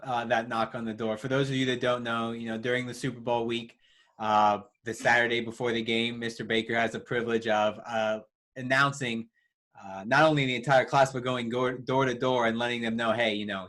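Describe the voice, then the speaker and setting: A man interviewing a guest, friendly and relaxed, with frequent fillers. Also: medium pitch, a little fast. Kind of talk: conversational interview questions.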